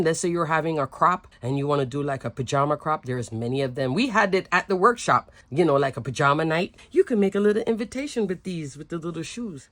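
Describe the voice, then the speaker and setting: A woman's voice: lowish voice, no room sound. A woman hosting a casual papercraft demonstration, bubbly and gushing, laughing often as she shows her supplies. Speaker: papercraft demo host.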